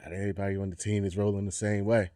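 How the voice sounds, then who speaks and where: A man in a casual podcast chat, talking in a measured way as he reasons things through. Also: on the low side, little pitch movement, mellow, no echo, studio quality. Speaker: podcast co-host.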